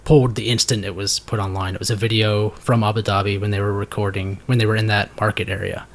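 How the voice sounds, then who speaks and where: A man's voice: fairly low pitch, flat delivery, fast talker. A man hosting a podcast in casual chat, rambling with many fillers and restarts. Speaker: podcast host.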